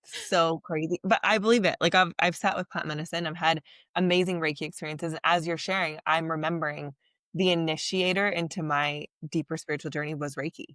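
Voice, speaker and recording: A woman with a low, fairly bright voice hosts a podcast, speaking briskly with fairly even intonation in casual conversation. She comes across as earnest, reflective and rambling, using lots of fillers, and the studio-quality recording has no echo.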